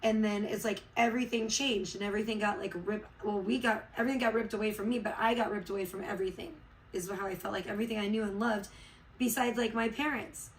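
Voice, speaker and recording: A woman's voice: medium pitch, fairly even intonation, fast talker, a little hiss or hum, poor audio. A woman from Chicago chatting casually on a livestream, rambling and heartfelt, with many fillers, just getting over being sick. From Chicago, USA. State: recovering from illness.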